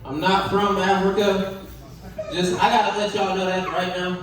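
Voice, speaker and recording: A man's voice: high voice, monotone, normal speed, a crowd in the background. A young man from the Caribbean doing a loose, profane stand-up set, chuckling at his own jokes on a comedy club stage. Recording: echoey club from far off, faint noise.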